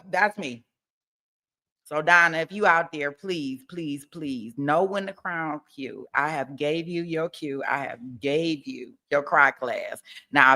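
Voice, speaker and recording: A woman hosting a casual livestream about a trial, talking in an animated way, laughing often and acting out mock testimony. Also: low-pitched. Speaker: true-crime trial commentary host.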